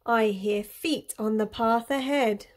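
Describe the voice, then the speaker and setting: A woman voicing a big, clumsy, hungry male monster, gruff and easily amazed. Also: fairly high pitch, slow.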